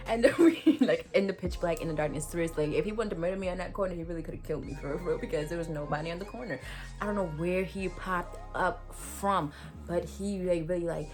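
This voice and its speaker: Animated slangy woman telling a story. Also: lowish voice, fast, soft background music. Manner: animated, slangy, many fillers. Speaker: vlogger. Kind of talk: storytime vlog.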